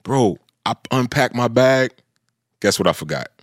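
A man's voice: medium pitch, lively intonation, measured pace, no echo, studio quality. A man in his thirties, a former offensive lineman, telling stories in a laid-back casual chat with lots of "bro". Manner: laid-back, lots of "bro" and "you know what I'm saying". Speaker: former pro football offensive lineman, podcast guest.

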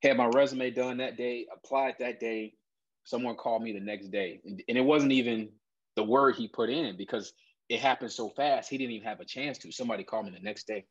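A man, a guest in an interview, earnestly telling a personal story in an animated conversational way. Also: medium pitch, brisk, dry recording, muffled recording.

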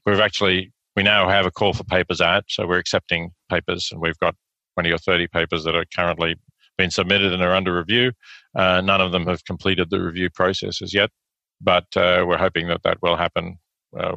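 A man with an Australian accent, answering interview questions in a measured way with many fillers and restarts. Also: low voice, creaky, pushed and bright, no echo, highs cut off. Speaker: guest philosopher.

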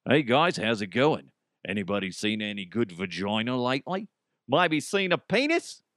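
A man putting on a mock Australian accent to play a leering male nature-documentary narrator in a hushed, lewd drawl. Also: mid-range voice, very animated, normal speed, no room sound, clean studio sound. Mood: cheeky.

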